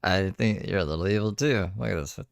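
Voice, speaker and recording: A man's voice: deep voice, a little fast, gravelly, smooth, no room sound, clean studio sound. A man off camera trading mocking, sarcastic retorts.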